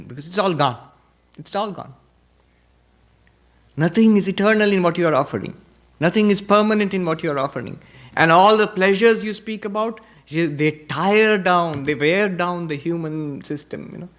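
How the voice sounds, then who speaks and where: A monk teaching Vedanta in a spiritual lecture, telling stories, reciting Sanskrit verses and repeating key points for emphasis. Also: male voice, fairly high pitch, a bit bright. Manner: emphatic repetition.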